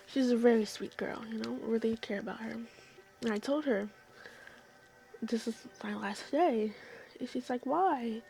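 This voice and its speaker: A young woman telling a long, emotional story in a casual vlog, rambling and often sinking into soft whispers. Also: a little high, a little slow, vocal fry, long pauses, slight background noise. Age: young adult. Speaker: vlogger.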